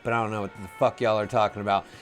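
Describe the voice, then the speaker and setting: A young adult man telling a long, rambling, profanity-heavy story in a casual way, getting loud when he acts out his own shouting. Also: lowish voice, little pitch movement, rapid-fire, faint music behind.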